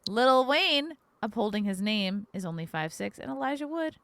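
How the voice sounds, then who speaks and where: A woman's voice: on the high side, expressive, moderate pace, a bit bright, no echo. A woman hosting a podcast, reading facts aloud in casual chat and cracking crude jokes. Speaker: podcast host.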